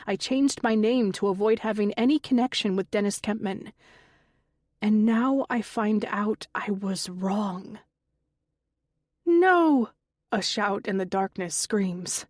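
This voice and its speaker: Slow, measured woman narrating an audiobook. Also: mid-range voice, a little mellow, no room sound, clean studio sound. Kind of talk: first-person audiobook narration.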